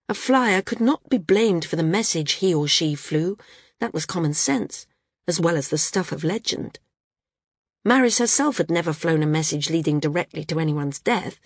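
A woman reading a novel aloud as an audiobook narrator, steady and measured. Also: on the low side, dry recording, studio quality. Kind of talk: scripted narration.

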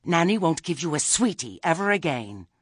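A man's voice: on the high side, big pitch swings, normal speed, no echo, studio quality, voice pushed up. A man voicing a blunt, earthy old witch grandmother who snaps back with rustic speech. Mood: snappish.

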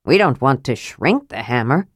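Woman voicing a stern male knight, formal, grave, low pitch, dry audiobook. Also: big pitch swings, normal speed, husky, dry recording, exaggerated voice. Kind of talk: audiobook character voice.

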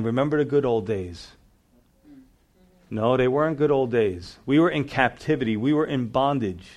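A male pastor preaching a sermon, reading scripture aloud and swinging between fervent emphasis and quiet, low stress.

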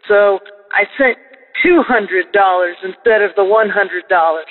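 High-voiced chatty man on the phone. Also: unhurried. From Oklahoma, US. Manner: chatty, rambling storyteller. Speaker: caller. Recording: tinny phone line with reverb.

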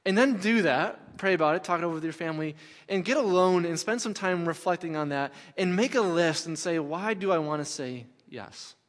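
A middle-aged man, a pastor, delivers a sermon in a fairly high voice, talking as if in conversation with the congregation. He drives his points home by repeating key phrases. His voice rings out with a long reverb, as in a large sanctuary. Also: fairly quick.

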